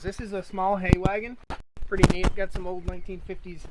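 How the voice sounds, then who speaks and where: A man's voice: high-pitched, little pitch movement, fairly quick. A man gives an enthusiastic, explanatory tour of his farm outdoors in the rain. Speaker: farmer. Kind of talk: casual farm tour chat. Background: rain and outdoor noise.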